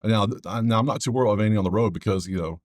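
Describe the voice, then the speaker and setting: Low-voiced man rambling about betting picks. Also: very fast, dry recording, studio quality. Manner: rambling, joking asides to viewers. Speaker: sports betting host. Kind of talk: casual betting breakdown.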